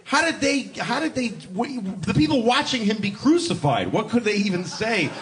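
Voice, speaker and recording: A middle-aged male comic tells stand-up stories in a high-pitched, sharply swinging voice. His delivery is exasperated and profane. Steady noise from the live recording sits underneath. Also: moderate pace. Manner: animated, profane, exasperated storytelling. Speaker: stand-up comedian.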